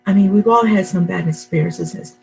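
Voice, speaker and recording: A woman's voice: lowish voice, brisk, creaky, darkish tone, slight background noise, rough recording. A middle-aged woman talking casually to camera at home, rambling and emotional, with many fillers and restarts. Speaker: vlogger. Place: her home, indoors.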